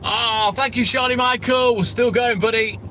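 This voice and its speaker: A man's voice: very high voice, steady tone, moderate pace, low-quality recording. An English man chatting casually on a live stream while on his milk round, greeting viewers by name in a matey way. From England. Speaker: livestreaming milkman. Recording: loud outdoor background noise.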